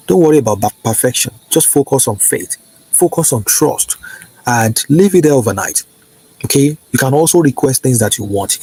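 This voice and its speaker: Man preaching a home ritual, husky mellow voice, keeps saying okay and right, slows down for the prayers. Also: mid-range voice, no room sound, poor audio. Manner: repetitive, coaxing, peppered with "okay" and "right"; slow, declarative prayer lines. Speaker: spiritual teacher. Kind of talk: instructional preaching to camera.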